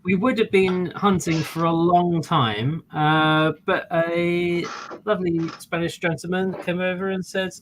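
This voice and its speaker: A man's voice: high-pitched, steady tone, measured pace, a crowd in the background, low-quality recording. A man on a casual podcast, telling a story with lots of fillers and restarts. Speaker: podcast co-host. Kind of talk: casual chat.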